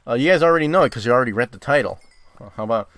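A young man hosting a gaming video, chatting casually and often swearing and yelling when startled, recording in a dark closet. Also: mid-range voice, lively intonation, rapid-fire, no room sound. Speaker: gaming channel host. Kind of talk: casual game commentary.

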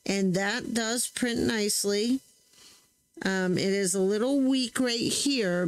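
A woman's voice: mid-range voice, clear, resonant tone, poor audio. A woman hosting a crafting channel, chatting casually to viewers while she tests stamps, often correcting herself as she works. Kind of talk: casual crafting demo chat.

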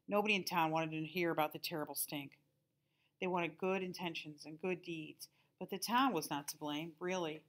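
A teacher reading a novel aloud to her class in a calm, steady storytelling manner. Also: on the low side.

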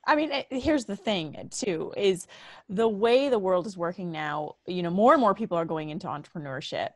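A woman's voice: lowish voice, expressive, moderate pace, no echo, studio quality. A woman, host of a podcast and a life coach, talking in a conversational, emphatic and casual way. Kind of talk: podcast interview.

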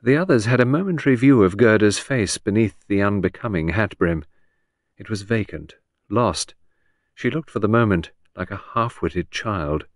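A man's voice: on the low side, expressive, moderate pace, no echo, studio quality. A man reading a classic detective novel aloud as an audiobook narrator, giving the characters' lines small shifts of voice. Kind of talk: scripted narration.

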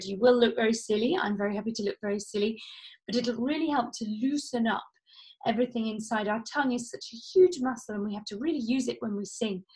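A woman, a vocal coach leading a guided vocal warm-up at home, playful and encouraging. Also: fairly high pitch. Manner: encouraging, playful instruction with demonstrated sounds. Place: home, indoors.

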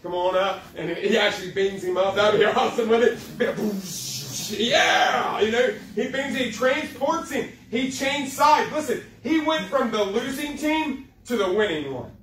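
High-voiced preacher in an echoey hall. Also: male voice, animated, a bit bright, recorded from a distance, a little hiss or hum. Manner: folksy, joking, preaching with dramatic slow emphasis. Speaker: youth pastor. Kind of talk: sermon. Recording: echoey room, speaker away from mic.

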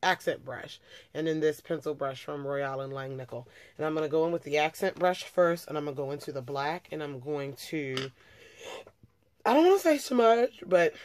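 A young woman's low, clean-toned voice carries a casual makeup tutorial with no room sound. As a beauty vlogger, she talks while she works, chatty and constantly self-correcting.

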